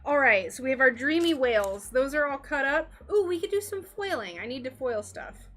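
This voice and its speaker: Chatty, giggly high-voiced woman crafting. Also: expressive, moderate pace, a bit bright. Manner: chatty and giggly, reads out viewer chat. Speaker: stained glass crafter streaming live. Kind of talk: casual live-stream chat while crafting.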